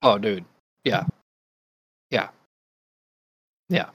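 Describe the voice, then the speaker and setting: A man's voice: lowish voice, drawn-out words, creaky, a bit bright, no room sound, low-quality recording. Laid-back swearing podcast guy. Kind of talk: casual chat.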